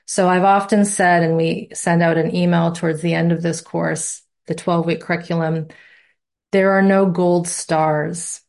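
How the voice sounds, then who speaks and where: A woman's voice: lowish voice, flat delivery, unhurried, vocal fry, a little mellow. A woman instructor talking to her students in a live online class, with a playful, reassuring manner. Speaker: course instructor.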